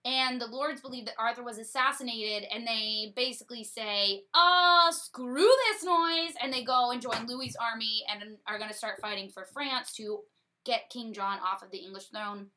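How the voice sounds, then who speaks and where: A woman's voice: medium pitch, bright, forceful tone. A woman giving a breezy, sarcastic comedic retelling of a story.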